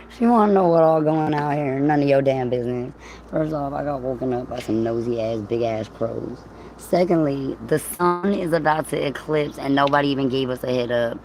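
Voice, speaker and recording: Low-voiced, rambling, profane woman streaming. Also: normal speed, a little mellow, slight background noise, poor audio. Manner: rambling, profane, laughs often. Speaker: livestreamer. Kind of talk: casual livestream chat.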